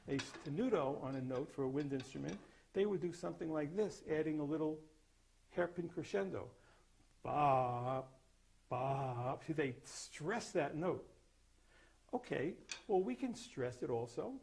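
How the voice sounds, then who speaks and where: Gravelly older man teaching percussion. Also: a little high, lively intonation, moderate pace, a little mellow, a little hiss or hum. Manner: explains then sings or plays examples. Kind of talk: demonstrating master class.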